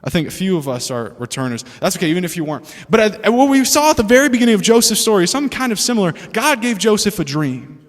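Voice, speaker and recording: Young male preacher, high bright voice, lively and chatty with the crowd; long hall reverb. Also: fast talker, few pauses. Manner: animated, laughing asides, asks the room questions. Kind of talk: sermon. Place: church hall with an audience.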